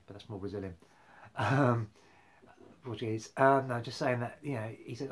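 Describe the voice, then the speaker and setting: A man's voice: mid-range voice, moderate pace, pauses often, a little hiss or hum. A man rambling casually about football on a live stream, full of fillers and restarts. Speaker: football fan vlogger.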